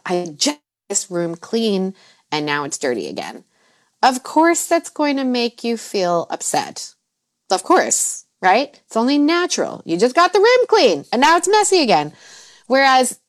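A woman, a mindset coach, talking casually on a podcast, laughing often and jumping into high exaggerated voices when she quotes herself, then going soft and low when she talks about calming down. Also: normal speed. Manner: laughs often mid-sentence. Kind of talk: conversational podcast advice.

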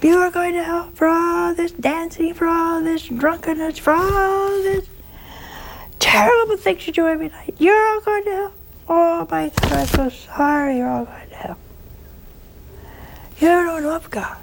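A woman doing a shrill scolding old priest. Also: steady tone, unhurried, vocal fry, heavily acted. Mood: fiery scolding. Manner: high-pitched, fiery warnings of hell.

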